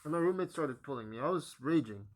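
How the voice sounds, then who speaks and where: A young man telling a personal testimony, halting with many pauses and fillers, his voice sinking quiet at the ends of phrases. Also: fairly high pitch, expressive. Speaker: vlogger giving a personal testimony.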